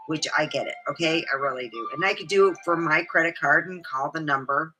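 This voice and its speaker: A woman's voice: low-pitched, lively intonation, quick pace, hardly any pauses, pushed and bright, rough recording. A middle-aged woman vlogging in a meandering, chatty way, full of fillers. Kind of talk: rambling casual livestream chat. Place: home studio. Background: faint background music.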